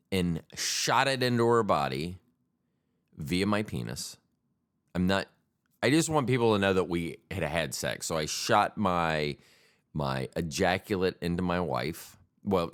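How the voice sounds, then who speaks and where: A man with a very low voice hosts a solo podcast in a casual comic monologue. He talks slowly and rambles, poking fun at himself with crude jokes. His pitch swings widely from phrase to phrase. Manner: rambling, self-deprecating, crude humor. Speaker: podcast host.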